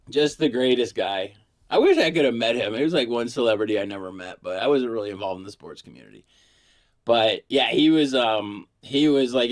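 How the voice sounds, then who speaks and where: A middle-aged man from Pittsburgh with no regional accent, rambling through a crude, self-mocking comedy monologue. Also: medium pitch. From Pittsburgh, USA. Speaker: comedian vlogger.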